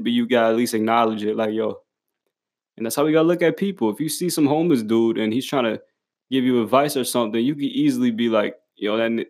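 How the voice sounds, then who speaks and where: A young man giving a casual motivational monologue to the camera, blunt and full of swearing and slang, often laughing as he talks. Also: medium pitch. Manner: profane, blunt street slang, emphatic; laughs often while talking.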